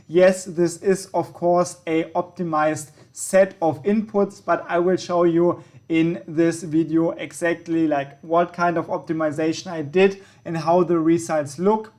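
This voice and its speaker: Casual man hosting a trading tutorial. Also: a little high. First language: German. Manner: casual, self-correcting with frequent ums and yeahs. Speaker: trading channel host. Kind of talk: screen-recorded tutorial walkthrough.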